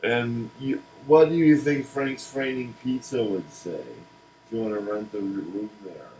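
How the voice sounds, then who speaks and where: A man pitching a cartoon series in casual comedic chat, rambling and restarting words. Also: moderate pace, dark tone, slight background noise, low-quality recording. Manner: rambling, restarts words, laughs at own jokes.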